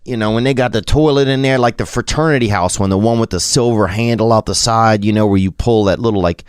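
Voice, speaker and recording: A man's voice: lowish voice, fast talker, clear, resonant tone, no echo, clean studio sound. A man in his thirties with a Southern American accent, telling a rambling, self-deprecating story in a casual monologue.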